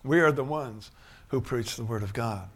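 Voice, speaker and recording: A man preaching a sermon, shifting from quiet musing to loud, emphatic bursts. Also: mid-range voice, moderate pace.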